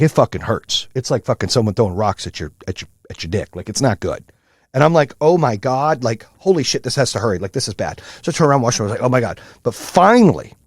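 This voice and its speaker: A middle-aged man hosting a solo motivational podcast, telling stories in a profane, animated way with lots of fillers. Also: mid-range voice, breathy edge, no room sound, studio quality. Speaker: podcast host.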